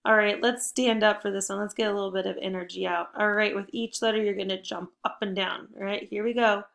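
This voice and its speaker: A woman teaching a spelling lesson to young children, speaking slowly and clearly, upbeat and encouraging. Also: mid-range voice, steady tone, a bit bright. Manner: slow, deliberate word-by-word modeling.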